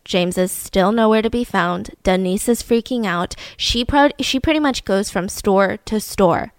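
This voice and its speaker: A young adult woman hosting a podcast, telling a true story in a casual, animated way and building suspense with frequent asides to her listener. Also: mid-range voice, unhurried, no room sound, clean studio sound.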